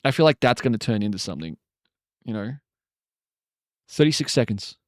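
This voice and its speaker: Live streamer, man in his 40s, wry exasperated rants, bouncy lively pitch, dry close desk mic. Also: moderate pace, dry recording. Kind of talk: casual live-stream chat reacting to videos.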